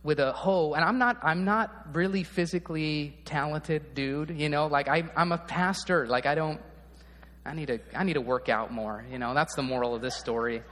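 A man preaching a sermon as a pastor, speaking in a relaxed, conversational way and often checking in with the audience. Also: fairly high pitch, normal speed, big-room sound.

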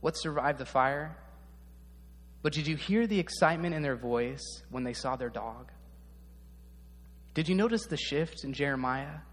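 A male pastor delivers a casual, chatty sermon, often turning to the congregation with a quick "right?". His voice sits fairly high for a man. It rings with the long reverb of a large church hall. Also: fairly bright tone. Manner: conversational, often asks the audience "right?".

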